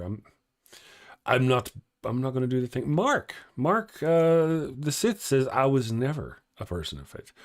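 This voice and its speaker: A middle-aged man hosting a casual livestream morning show, chatting, joking and greeting viewers, laughing often and restarting his words. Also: mid-range voice. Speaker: host of a live morning show. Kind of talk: casual livestream chat reading viewer comments.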